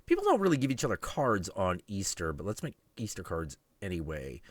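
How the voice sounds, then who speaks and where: Man, livestream host, crude and laughing, lively pitch, dry close mic. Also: a little fast, dry recording. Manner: crude, laughs a lot, swears. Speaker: streamer, show host. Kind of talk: rambling livestream chat.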